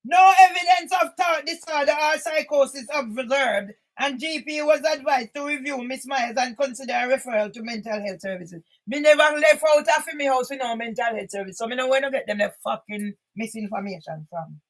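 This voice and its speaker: An older woman with a high-pitched voice reads documents aloud to her channel. She cuts in with indignant comments and often bursts into shouting. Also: brisk, few pauses, poor audio. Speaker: channel host.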